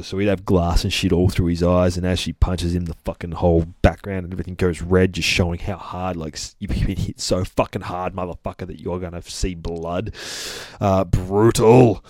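Fields: Voice: low-pitched man, excited and profane. Role: comic reviewer. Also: no room sound, clean studio sound. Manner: profane, rambling, bursts of excited laughter. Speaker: comic book reviewer, podcast host. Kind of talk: excited casual comic retelling.

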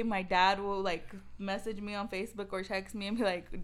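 A woman's voice: medium pitch, moderate pace, hardly any pauses, clear, resonant tone. A woman co-hosting a casual podcast, telling stories emphatically and addressing listeners as "y'all". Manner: animated, emphatic storytelling with lots of "like" and "y'all". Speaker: co-host.

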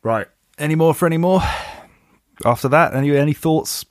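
A man's voice: on the high side, brisk, dry recording, clean studio sound. A man hosting a podcast, reading a listener's email aloud and repeatedly cracking up with laughter. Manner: keeps breaking into giggles while reading. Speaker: podcast host.

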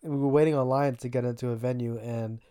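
A woman's voice: very deep voice, fairly even intonation, fast talker, warm tone, clean tone. A young woman with a Long Island accent co-hosting a podcast, talking offhand and sarcastic, swearing and trailing off mid-thought. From Long Island, New York. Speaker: podcast co-host. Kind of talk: casual chat.

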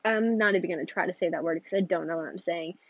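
A woman's voice: fairly low pitch, fast, slightly rough, no room sound, dull audio. A teenage girl hosting her own podcast, chatting casually in a rambling, giggly way that keeps interrupting itself. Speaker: podcast host. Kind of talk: casual solo podcast chat.

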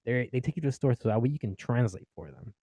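A man's voice: medium pitch, expressive, fast, mellow, breathy edge, no room sound. A young Mexican-American man doing stand-up comedy, swearing freely, laughing at his own jokes and acting out his family.

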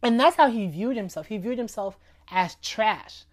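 A woman's voice: mid-range voice, animated, normal speed. A woman giving a casual faith talk, speaking conversationally and often checking in with "right?". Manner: conversational, keeps asking "right?" and "you know what I'm saying?".

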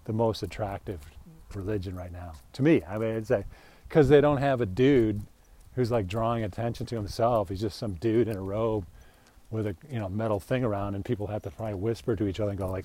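A man's voice: fairly low pitch, lively intonation, fairly quick, warm tone. Rambling irreverent man musing on scripture. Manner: rambling, irreverent, laughing asides. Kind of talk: casual bible talk.

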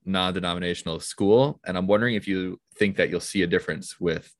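A man hosting a casual podcast, playfully running segments and firing off quick questions. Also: low-pitched, dry recording, clean studio sound. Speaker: podcast host.

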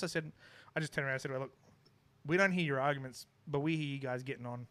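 A man's voice: a little high, fairly even intonation, fast, fairly bright tone. A young man, telling a funny story in casual chat and acting out his neighbours with laughs. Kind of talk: casual anecdote.

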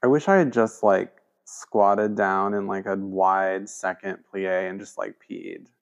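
A man's voice: low voice, a little slow, creaky. A man hosting a podcast, telling stories in a casual way. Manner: storytelling, quotes people in animated voices. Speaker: podcast host. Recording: dull lo-fi podcast audio.

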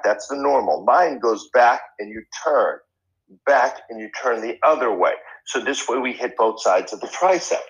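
A man's voice: medium pitch, fairly bright tone, rough recording. A middle-aged man, a personal trainer, telling a story as a guest with enthusiasm and acting out the quoted dialogue. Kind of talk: animated storytelling in conversation.

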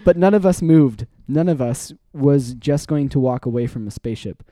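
Man, podcast co-host, casual read-aloud, mellow warm tone, dry close sound. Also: mid-range voice, expressive, normal speed, dry recording. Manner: reads a book aloud, often laughing and breaking off to comment.

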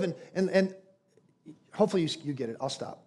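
A man with a noticeably high voice delivers a sermon as pastor. He preaches with emphasis, throwing out rhetorical questions and acting out quoted prayers. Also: sing-song, a little fast, a little mellow.

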